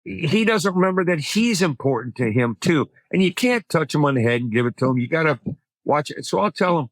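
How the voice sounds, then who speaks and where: A man's voice: a little high, expressive, a little fast, no echo. A man, a comedian guest, telling stories in conversation, acting out voices and building to punchlines. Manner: acts out voices in his anecdotes, punchline-driven; frequent self-repeating restarts. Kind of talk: animated conversational storytelling.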